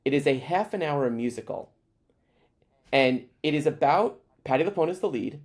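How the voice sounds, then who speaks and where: A man chatting as a guest on a podcast, telling stories in an animated way with lots of fillers. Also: a little high, moderate pace. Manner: animated storyteller, frequent fillers. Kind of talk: casual chat.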